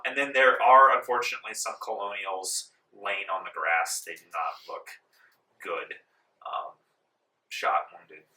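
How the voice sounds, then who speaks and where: A man narrating as game master in a tabletop game, relaxed, with many ums, in a library meeting room. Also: lowish voice. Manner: relaxed, full of ums, laughs along. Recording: roomy echo, distant mic.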